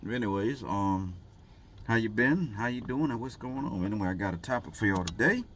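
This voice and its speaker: Guy rambling on his vlog, low voice, jokey, bouncy up and down pitch. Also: animated, brisk, a bit bright, a little hiss or hum. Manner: rambling, jokey, drawling with fillers. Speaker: vlogger. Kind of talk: casual rambling vlog talk.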